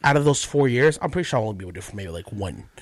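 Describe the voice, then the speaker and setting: A man's voice: medium pitch, lively intonation, racing. A male stand-up comedian chatting casually and animatedly about his impressions. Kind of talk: casual podcast chat.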